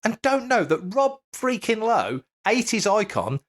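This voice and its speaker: A man's voice: sits high, sing-song, unhurried. A man co-hosting a casual podcast chat, emphatic and fond of rhetorical questions. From United Kingdom. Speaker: podcast co-host.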